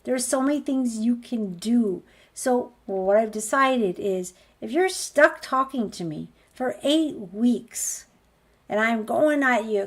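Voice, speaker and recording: A spiritual healer woman speaks to her followers in a sincere motivational tone. She repeats her points and piles up rhetorical questions, her voice sitting slightly higher than most women's. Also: animated, takes it slowly. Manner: earnest, repetitive, rhetorical questions. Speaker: spiritual healer promoting a course.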